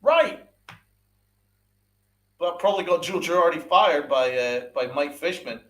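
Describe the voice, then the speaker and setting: A man's voice: on the high side, animated, measured pace, fairly bright tone. A man hosting a podcast, ranting angrily and swearing, repeating his points and firing rhetorical questions at his listeners. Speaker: podcast host. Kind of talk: angry sports rant with live chat.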